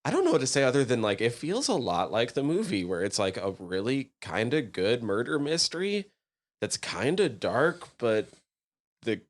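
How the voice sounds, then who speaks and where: A young podcast co-host chats casually and enthusiastically, rambling with lots of fillers. His medium-pitched voice moves at a moderate pace with big pitch swings.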